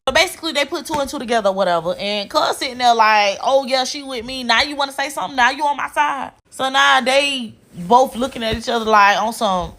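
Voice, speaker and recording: A woman's voice: a little high, a bit bright. Blunt, profane woman telling a story. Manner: blunt, profane, exasperated retelling. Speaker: storyteller sharing a relationship story. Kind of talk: casual storytelling.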